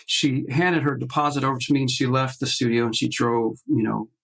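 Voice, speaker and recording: A man with a gravelly, fry-edged voice at a middle pitch, talking over a video call. He tells his stories in halting bursts, full of fillers and restarts, and slips into the voices of the people he quotes. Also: fairly even intonation, a bit bright, poor audio. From based in Nashville. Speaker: guest artist. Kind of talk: casual interview storytelling.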